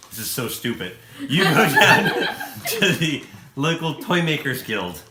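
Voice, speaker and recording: A man narrating a tabletop game as game master, animated and often laughing between lines. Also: on the high side, a little slow, a crowd in the background. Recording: echoey room, faint noise.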